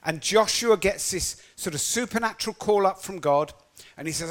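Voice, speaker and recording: A man preaching a sermon in an animated storytelling manner, acting out quotes as he goes. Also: high voice, normal speed.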